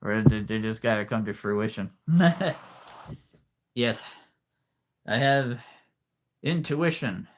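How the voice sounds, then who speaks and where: A man's voice: on the low side, slow, long pauses, background noise. A man hosting a casual livestream, rambling through viewer comments with frequent chuckles and playful wordplay, a little out of breath. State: a bit out of breath. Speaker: livestream host, figure collector.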